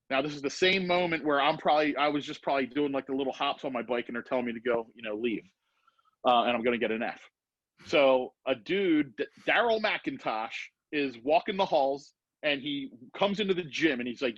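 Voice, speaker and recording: Animated storyteller man, dry and dull sound. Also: medium pitch, a little fast, no echo. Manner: animated storyteller acting out quoted voices. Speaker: podcast guest. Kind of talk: casual storytelling.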